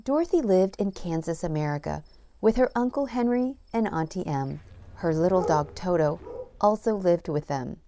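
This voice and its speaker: A middle-aged woman reads a children's storybook aloud with a lively, bouncing melody and a soft, mellow tone. Her pitch sits a little low, and her delivery stays gentle and sing-song. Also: moderate pace. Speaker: narrator and producer.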